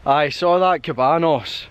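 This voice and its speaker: Out on a hill trail, this young man from Scotland laughs a lot as he chats and spins stories for his hiking vlog. He speaks at a fairly high pitch against slight background noise.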